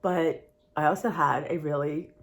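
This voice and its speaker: A woman's voice: sits low, steady tone, moderate pace, creaky. A woman talking candidly in a personal vlog, rambling and heartfelt in a confiding way. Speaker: vlogger.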